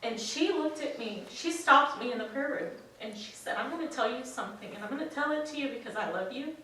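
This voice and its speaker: Earnest bright-voiced woman in an echoey room. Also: high-pitched, animated, fairly quick, far from the mic, a little hiss or hum. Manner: earnest, heartfelt, close to tears. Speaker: church member sharing a testimony. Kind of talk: emotional personal testimony in a church group.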